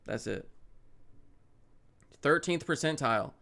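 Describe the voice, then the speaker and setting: A young man streaming a parenting game, reading its text aloud and reacting with loud outbursts and muttered asides. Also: on the high side, animated, takes it slowly, vocal fry.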